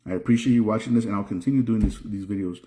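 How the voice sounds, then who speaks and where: A man's voice: lowish voice, rapid-fire, very noisy. A young man from Mexico, a trucker, ranting casually to camera in a frustrated way, repeating and restarting phrases. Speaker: trucker and video creator. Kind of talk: casual vlog rant.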